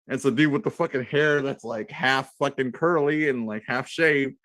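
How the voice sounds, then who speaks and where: A man's voice: medium pitch, moderate pace, no echo. A man in his thirties on a radio panel, telling a crude, rambling story full of swearing. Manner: profane, rambling, animated storyteller. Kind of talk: casual crude banter and storytelling.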